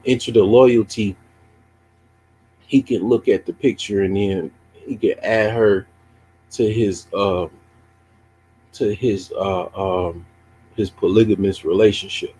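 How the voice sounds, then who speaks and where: A man talks on a livestream in a mocking, taunting way. His voice sits low, and he takes his time over his questions. A faint hum runs under the recording. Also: darkish tone, rough recording. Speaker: streamer. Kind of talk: casual livestream chat.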